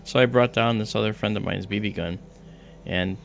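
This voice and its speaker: A man's voice: on the low side, moderate pace, gravelly, slight background noise. A man hosting a livestream, telling a childhood story in casual chat and acting out the other people's voices as he goes. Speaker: livestream host.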